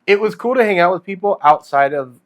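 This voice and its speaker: A man in his forties with a slightly higher voice chats loosely, with plenty of fillers and casual swearing. He co-hosts a relaxed podcast and laughs along with his partner. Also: fairly quick, a little hiss or hum. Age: 40s. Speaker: podcast co-host. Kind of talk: casual chat.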